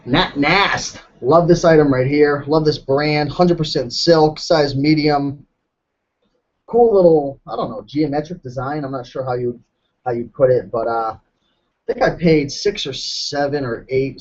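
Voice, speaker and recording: Guy chatting on a live stream, kinda hoarse, lots of ums, muffled lo-fi sound. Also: mid-range voice. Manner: relaxed, chatty, with many ums and you-knows. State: slightly hoarse. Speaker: clothing reseller answering live chat. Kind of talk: casual live-stream chat.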